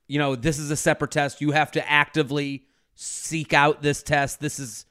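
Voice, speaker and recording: A man co-hosts a podcast in casual conversation. His voice is smooth and fairly high, and his questions ramble with many restarts. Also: flat delivery, normal speed, sharp tone. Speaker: podcast co-host. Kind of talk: casual interview chat.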